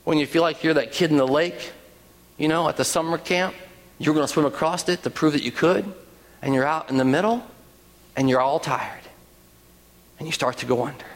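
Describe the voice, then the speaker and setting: A man preaching a sermon, swinging from hushed lines to sudden high, excited bursts as he acts out frightened people. His voice sits a little high for a man. The sound carries a long reverb from a large hall. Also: normal speed, long pauses. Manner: animated, voices the crowd's panic in quotes. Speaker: pastor.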